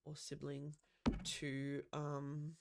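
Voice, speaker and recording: Chatty woman with a gravelly edge. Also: deep voice, completely flat delivery, extremely slow, very noisy. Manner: chatty, lots of "um" and gasps. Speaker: Sims builder. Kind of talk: casual gameplay commentary.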